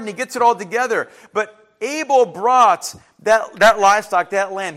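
Animated high-voiced male preacher. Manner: animated, acts out biblical voices in quick asides. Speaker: pastor. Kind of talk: sermon.

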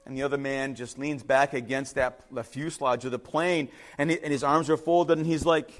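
A male pastor preaching in an animated, storytelling style. His voice sits high and swings widely in pitch, and he repeats words for emphasis. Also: normal speed. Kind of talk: sermon.

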